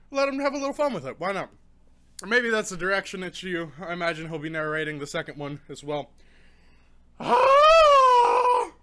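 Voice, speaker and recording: A young man with a high, bright voice talks through a casual book review while suffering from a hot pepper. He rambles and groans, stopping to swear and cough between points.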